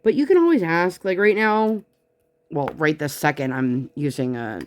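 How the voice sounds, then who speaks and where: A woman in her thirties chatting casually at her home craft desk, telling rambling, animated stories with frequent asides. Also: low voice, normal speed, slight background noise. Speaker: craft vlogger. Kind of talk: casual chat while crafting.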